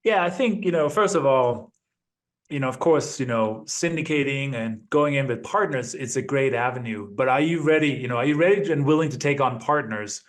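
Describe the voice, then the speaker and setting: Man in his fifties, interview guest, average pitch, measured pace, lots of tag questions. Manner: measured, peppers speech with "right?" and "you know". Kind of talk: interview conversation.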